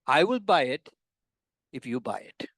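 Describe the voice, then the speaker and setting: A man's voice: mid-range voice, big pitch swings, unhurried, fairly bright tone, dry recording. An older man, a professor giving a conversational classroom lecture with wry, teasing asides to his students.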